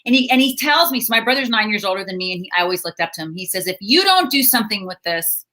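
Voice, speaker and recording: A middle-aged woman comedian telling stories in a casual interview, chatty and quick to laugh. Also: mid-range voice, expressive, pushed and bright. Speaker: stand-up comedian and counselor.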